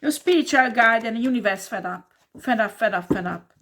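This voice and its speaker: A woman tarot reader delivers a blunt, scolding monologue, full of swearing. Her voice sits fairly high, and her English has non-native phrasing. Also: expressive, fairly quick, noisy background.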